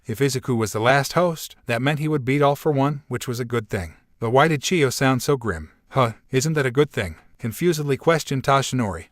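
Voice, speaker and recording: A man narrating a fan fiction story in a steady, even reading. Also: medium pitch, no echo, clean studio sound.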